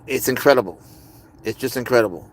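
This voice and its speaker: A man's voice: medium pitch, a little fast. A man hosting a live stream, chatting casually and rambling as he answers viewers' comments. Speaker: livestream host.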